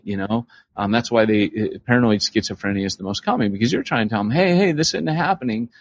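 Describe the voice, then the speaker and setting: A man co-hosting a podcast in casual chat, animated and acting out the voices he quotes. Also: mid-range voice, breathy edge. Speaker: podcast co-host. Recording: slightly muffled podcast recording.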